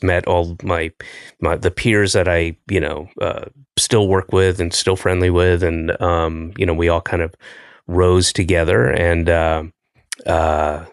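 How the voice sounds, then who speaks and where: A middle-aged man from Atlanta, a podcast host, talking in a rambling, halting way with lots of fillers. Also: sits low, smooth, no room sound, clean studio sound. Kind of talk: casual interview chat.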